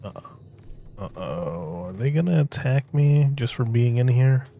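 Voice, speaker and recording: A man's voice: medium pitch, lively intonation, measured pace, dull audio, background noise. A man streaming a video game, chatting casually, joking and tripping over his words. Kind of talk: casual live-stream gaming commentary.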